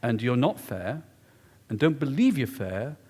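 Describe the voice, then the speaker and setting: A man retelling the words of a blunt wife, speaking low and deliberate, in an echoey lecture hall. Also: sing-song, mellow. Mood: reproachful. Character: blunt, frank wife of a scientist.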